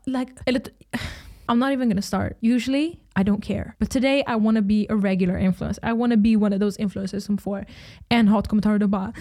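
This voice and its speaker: Casting: hoarse young Swedish woman, casual host chat, salty and animated. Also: mid-range voice, fast. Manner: switches between English and Swedish, swears often, animated outbursts. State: hoarse from screaming. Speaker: podcast host.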